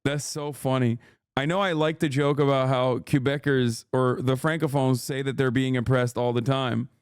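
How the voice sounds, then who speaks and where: A man's voice: medium pitch, steady tone, normal speed, clean tone, dry recording, studio quality. A man in his thirties streaming casual reaction commentary, blunt and profane, mocking and reading chat messages aloud.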